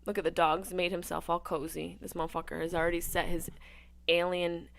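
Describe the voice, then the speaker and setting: A woman hosting a live movie watch-along, riffing with crude jokes and swinging between loud outbursts and hushed asides. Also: lowish voice, flat delivery, a little fast, gravelly. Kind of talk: casual riffing commentary over a film.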